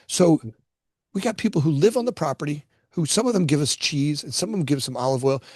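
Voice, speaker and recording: A man's voice: a little high, fast, darkish tone, breathy edge, no echo, clean studio sound. A middle-aged man from Florida, a company founder, telling personal stories in a casual conversation, often repeating words as he starts a thought. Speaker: guest, construction company founder.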